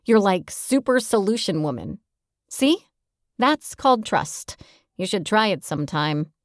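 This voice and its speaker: A woman's voice: mid-range voice, lively intonation, unhurried, dry recording, studio quality, close to an everyday voice. A woman narrator voicing a brash, fiery young woman singer who talks bluntly and teasingly. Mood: reassuring. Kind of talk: audiobook character voice.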